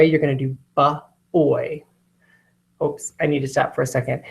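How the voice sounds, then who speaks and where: A woman teacher explaining spelling lists, sounding out words slowly and carefully. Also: extremely low pitch, gravelly. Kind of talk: instructional explanation.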